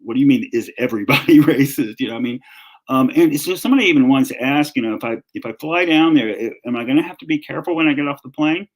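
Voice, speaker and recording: A man's voice: fairly high pitch, fast talker, rough recording. A man in his fifties or older with a Southern American accent, a guest author telling his story in a casual, rambling interview with many restarts. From North Carolina.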